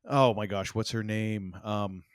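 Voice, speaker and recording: An older man co-hosting a podcast, telling stories in a rambling, animated way with many restarts. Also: fairly low pitch, a little slow, smooth, no room sound, studio quality. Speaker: podcast co-host. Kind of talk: casual chat.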